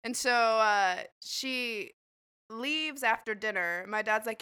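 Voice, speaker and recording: Twenties woman, guest on a casual podcast. Bright, a little high, rambling and profane. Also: takes it slowly, clear, resonant tone. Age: 20s. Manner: chatty storytelling, swears freely, many fillers. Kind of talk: casual chat.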